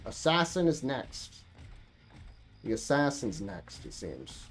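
A woman streamer talking to herself through a game, profane and animated, thinking aloud. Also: rumbling low, slow pace, background noise. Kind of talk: gaming livestream commentary.

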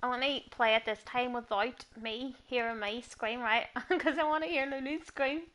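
A woman streaming a horror game live, hoarse and laughing often as she chats to viewers and a friend. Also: a little high, steady tone, moderate pace, a bit bright. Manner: giggly, chatty, talks to viewers. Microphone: earpiece headset.

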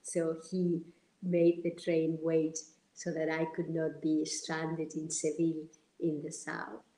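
A woman from Argentina, telling stories as an interview guest in an animated, halting way with many fillers. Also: sits low, echoey room, rough recording. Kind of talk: storytelling in an interview.

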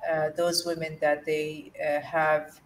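A woman from Jordan, a guest in an interview, telling a personal story in an earnest, halting way with many fillers and restarts. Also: low voice, flat delivery, slight background noise. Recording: distant mic with faint room ambience.

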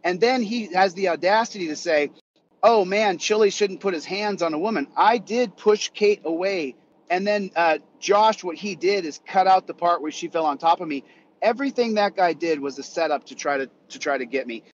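A man's voice: high voice, moderate pace, dull audio, slight background noise. A young man in a heated, profane rant to his vlog audience, repeating himself as he vents. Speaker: vlogger. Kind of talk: angry rant to camera.

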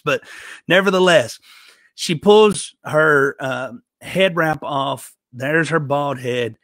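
A man telling a personal faith story in an earnest, halting way, often restarting his sentences. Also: mid-range voice, fairly bright tone, no room sound. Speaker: podcast host telling a personal testimony. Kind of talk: emotional storytelling testimony.

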